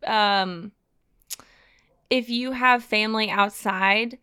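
A woman's voice: medium pitch, fairly even intonation, takes it slowly, pushed and bright, clean tone, no echo. A woman from Kentucky hosting a casual podcast chat, joking and laughing often. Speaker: podcast host.

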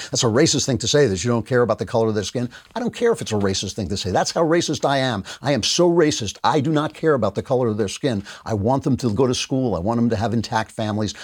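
A man's voice: medium pitch, a little mellow. A middle-aged man hosting a political commentary show, giving an indignant, sarcastic opinion monologue. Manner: sarcastic, indignant, mocking voices of opponents.

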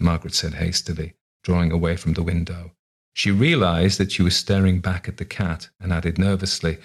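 A man reads a short story aloud in a measured, even storytelling voice. His voice sits very low and has a husky, breathy edge. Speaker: narrator. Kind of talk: scripted narration of a short story.

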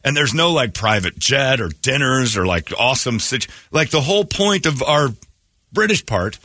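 Animated husky male radio host. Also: medium pitch, moderate pace, dry recording, clean studio sound. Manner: animated, ranting and teasing. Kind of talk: casual talk-radio chat. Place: radio studio. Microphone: studio microphone.

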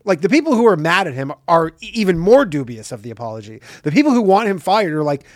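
Sardonic male co-host in his thirties, slightly high and lively voice, dry close mic. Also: quick pace, no echo. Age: 30s. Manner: animated, sardonic, lots of "like" and "you know". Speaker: podcast co-host. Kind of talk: casual comedy podcast banter.

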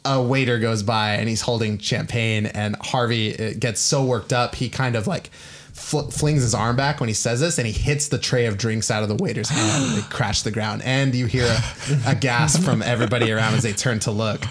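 A man's voice: medium pitch, fairly even intonation, moderate pace. A man narrating a tabletop game as game master, loose and full of fillers.

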